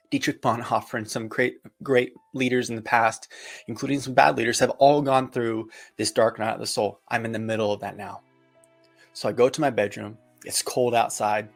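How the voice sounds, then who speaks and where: A man telling his near-death experience as a personal testimony, earnest and vivid, with dramatic pauses. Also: medium pitch.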